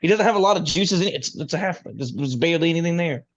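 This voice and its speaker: A man with a slightly high voice, bantering and arguing as a player and laughing a lot. His voice comes through dull, lo-fi call audio. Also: lively intonation, quick pace. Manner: joking, argumentative, laughs often. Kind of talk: casual tabletop game banter.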